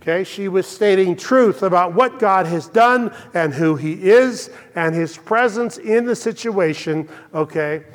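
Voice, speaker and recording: A man's voice: sits high, unhurried, few pauses, big-room sound. An older man preaching a sermon in a church, earnest and emphatic, his voice rising to exclamations. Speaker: pastor.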